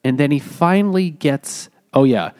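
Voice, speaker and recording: Halting man retelling a plot, dry sound. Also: fairly high pitch, animated, darkish tone, no echo. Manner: halting, many fillers while recounting. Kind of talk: casual chat.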